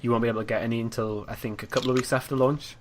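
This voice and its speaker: Co-animateur britannique, débit rapide, ton bavard de podcast entre amis. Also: male voice, mid-range voice, fairly even intonation. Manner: chatty, runs through news items. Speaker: podcast co-host. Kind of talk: casual chat.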